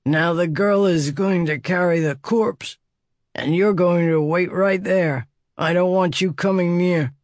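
A man's voice: high-pitched, measured pace, no room sound. A man voicing a wounded, desperate male bandit with a ruined face in an audiobook, slurring and snarling his threats. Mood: menacing. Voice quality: slurred, gravelly. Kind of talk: audiobook character voice.

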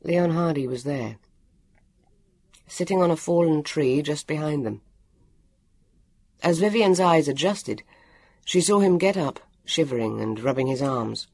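A narrator reading a children's adventure story aloud with an expressive delivery. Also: mid-range voice, a little slow, pauses often, dry recording.

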